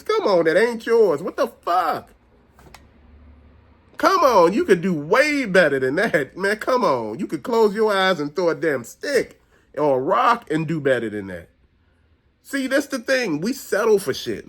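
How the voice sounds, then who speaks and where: A man's voice: sits high, big pitch swings, unhurried, fairly bright tone. A man hosting his own channel, delivering a blunt, profane, preachy rant straight to viewers. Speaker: host. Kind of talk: ranting monologue.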